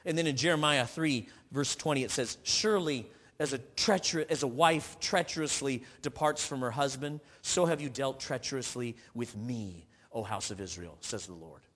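A man's voice: moderate pace, few pauses, a bit bright. Earnest preacher man in a reverberant hall. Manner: earnest, rising to emphatic peaks and dropping low; reads scripture aloud with frequent restarts. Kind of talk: sermon.

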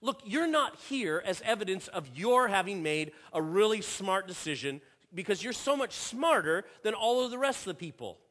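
High-voiced man preaching in a reverberant hall. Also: big pitch swings, normal speed, few pauses, fairly bright tone. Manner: earnest, repeats words and restarts phrases. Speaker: pastor. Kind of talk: sermon. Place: church sanctuary. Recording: long reverb of a church hall.

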